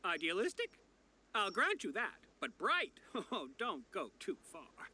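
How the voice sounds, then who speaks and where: A man's voice: sits high, huge pitch swings, measured pace, sharp tone, husky, heavily acted. A man voicing a haughty, sardonic old university rector in a video game.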